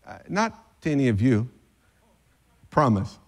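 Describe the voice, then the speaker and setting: A man's voice: medium pitch, sing-song, unhurried. A man pastor giving a sermon in a conversational way, with joking asides.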